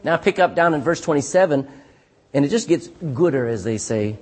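Folksy preacher guy, high voice that swings all over, emphatic. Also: animated, brisk. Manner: folksy, emphatic preaching with sudden loud bursts and chuckles. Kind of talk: sermon.

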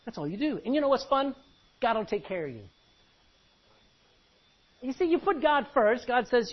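A man preaching a sermon as pastor, animated and joking with the congregation. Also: very high-pitched, moderate pace, long pauses, slightly rough. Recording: dull lo-fi recording.

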